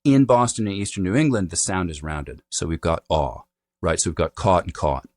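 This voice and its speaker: A man's voice: low-pitched, lively intonation, brisk, a little mellow, no room sound. A middle-aged man, a dialect coach, explaining accents in an interview, demonstrating vowel sounds and checking in with "right?" as he goes.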